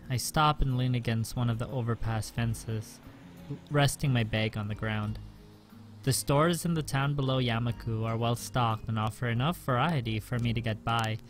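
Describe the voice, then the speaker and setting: Let's-play host reading narration, measured and even, mid-pitched male voice. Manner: steady, measured first-person reading. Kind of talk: reading a visual novel aloud.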